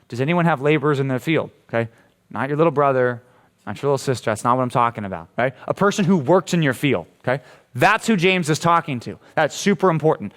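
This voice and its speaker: A man with an American accent preaching a casual, playful sermon to junior high students, often checking in with questions. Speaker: junior high youth pastor. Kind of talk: youth sermon.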